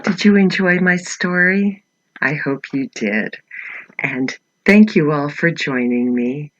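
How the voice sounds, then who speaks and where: A woman author reading her picture book aloud to children, gently asking them questions as she goes. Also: low voice, slow, highs cut off, slight background noise. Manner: animated storyteller.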